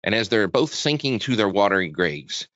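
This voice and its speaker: A man hosting a live trading webinar, chatty and energetic, talking quickly with frequent restarts. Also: fairly low pitch, dry recording. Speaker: webinar host, trading educator. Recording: dull, dry lo-fi sound.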